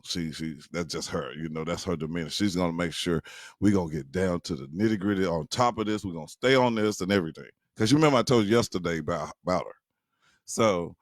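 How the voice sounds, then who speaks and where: Older grandfather type, low voice, chatty and teasing, talks straight to his viewers. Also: dry recording, studio quality. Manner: chuckling, teasing, keeps addressing listeners as y'all. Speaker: grandfather telling family stories. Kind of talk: casual storytelling to viewers.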